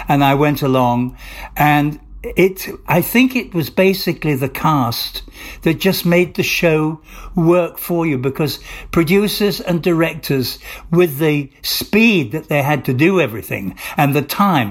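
A man's voice: on the high side, measured pace. An older male actor being interviewed, telling long rambling stories with restarts and acted-out dialogue. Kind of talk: anecdotal interview storytelling.

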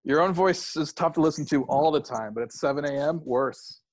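A man co-hosting a podcast, a gravelly-voiced talker who chats casually and teases his friend in joking banter. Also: fairly high pitch, brisk. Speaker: podcast co-host. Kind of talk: casual chat.

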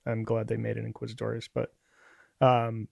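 A man co-hosting a fan podcast, speaking in a deadpan way and thinking aloud in casual chat. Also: lowish voice, normal speed, vocal fry, no echo, clean studio sound. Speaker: podcast co-host.

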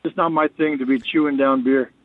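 A man's voice: medium pitch, steady tone, a little fast, no echo. A man calling in as a guest analyst on a sports radio show, talking candidly and often repeating words as he restarts. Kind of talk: casual sports radio chat. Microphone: phone. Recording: tinny phone line.

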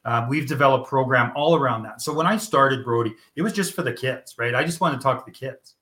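A middle-aged man talks candidly as an interview guest, in a voice of ordinary middle pitch. He is blunt and emphatic and swears freely to drive his points home. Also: fairly quick, a bit bright. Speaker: guest, founder of a youth mental-health program.

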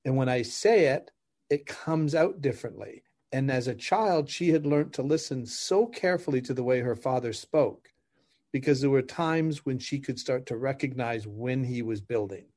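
A middle-aged man, a podcast guest who coaches couples, telling stories in lively conversation, laughing and acting out dialogue as he explains. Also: medium pitch, normal speed. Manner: animated, laughs while explaining, acts out dialogue. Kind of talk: conversational storytelling.

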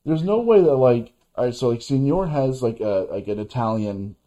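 A man co-hosting a casual film review chat, talking in halting bursts with many restarts. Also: mid-range voice, expressive, mellow. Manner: halting, many restarts and fillers, laughs as he talks. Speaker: podcast co-host.

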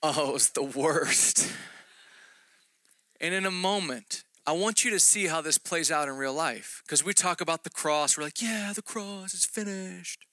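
Forceful, smooth-voiced male preacher. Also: on the high side, moderate pace, no echo. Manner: self-deprecating storytelling with jokes. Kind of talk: conversational sermon.

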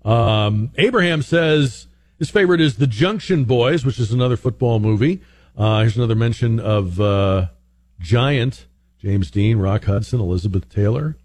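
This man hosts a radio call-in program, speaking at a moderate pace in a mid-range, faintly mellow voice. His casual talk wanders, and he keeps restarting sentences and filling gaps with ums.

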